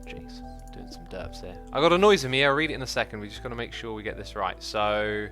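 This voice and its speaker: Bright, chatty man streaming games. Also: medium pitch, fast talker, faint music behind. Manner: chatty, excitable, thinks aloud, reads chat messages out. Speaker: livestream host. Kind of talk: live gameplay commentary.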